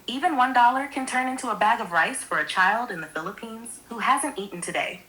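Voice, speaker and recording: A woman's smooth synthetic voice with a bright, clear tone. She delivers a scripted monologue in a sweet, theatrical, poetic manner, lingering on each phrase. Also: mid-range voice, poor audio. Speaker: AI companion co-host.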